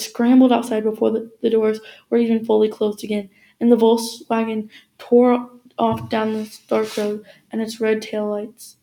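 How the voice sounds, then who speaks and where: A woman reading a novel aloud as narrator, in a steady storytelling manner. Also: fairly high pitch, low-quality recording. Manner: steady storytelling with small slips.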